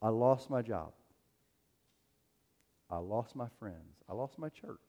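Fairly low and warm, the man's voice is animated yet slow, with the highs cut off. As a pastor in a church sanctuary, he preaches through loose, conversational stories full of fillers, captured with long hall reverb.

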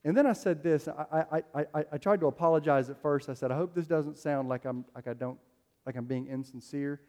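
A man's voice: a little high, fairly quick, warm tone. A man preaching a sermon as a pastor, telling stories in a loose, conversational way with plenty of fillers. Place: church sanctuary. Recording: long hall reverb.

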